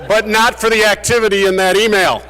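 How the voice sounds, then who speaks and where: Guy giving a farewell speech, kinda high voice, dry jokes, big echoey chamber. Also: little pitch movement, a little fast, pushed and bright. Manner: dry, humorous storytelling. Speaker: state legislator. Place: large legislative chamber. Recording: long reverb of a big chamber.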